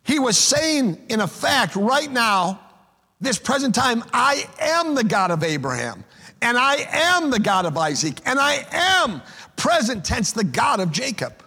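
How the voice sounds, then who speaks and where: A man with a high, husky voice delivers an emphatic sermon from the pulpit. He often stumbles back over the first word of a phrase as he presses his point. His voice rings out with the long reverb of a large church hall. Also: very animated, a little slow, sharp tone. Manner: emphatic preaching, repeats words at starts of phrases. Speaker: pastor.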